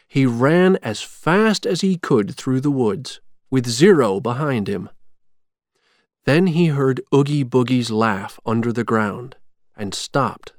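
A man reading a storybook chapter aloud in a slow, measured, clear way. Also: medium pitch, no room sound, studio quality. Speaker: narrator.

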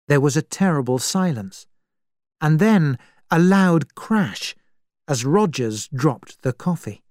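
A narrator reading a story aloud very slowly and clearly, with expressive delivery. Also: mid-range voice, no room sound, studio quality.

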